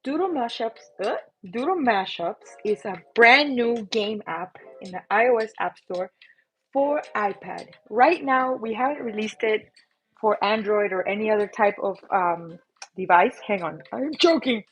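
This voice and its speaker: A woman's voice: mid-range voice, animated, a little slow, soft background music, low-quality recording. A woman hosting a casual livestream, chatty and self-mocking as she talks through an itchy, coughing throat. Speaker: livestream host and app creator.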